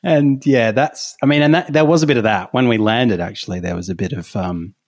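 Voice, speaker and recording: An Australian man co-hosting a podcast from his home office, telling stories in a relaxed way and laughing often. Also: medium pitch, fairly quick, no room sound, studio quality. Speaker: podcast co-host. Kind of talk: casual comedic chat.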